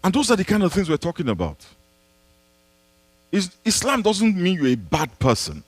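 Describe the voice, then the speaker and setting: A man's voice: high-pitched, huge pitch swings, moderate pace, dry recording. A man, a pastor answering a congregation's questions in an emphatic preaching style, repeating key phrases and posing rhetorical questions. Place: church.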